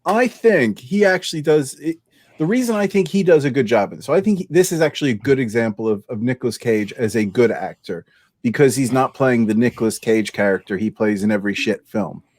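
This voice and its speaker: This is a man hosting a casual film debate in a measured, friendly way, and he laughs easily. His voice sits at an ordinary pitch, and the recording is dry and close. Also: animated, darkish tone, dry recording. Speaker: host.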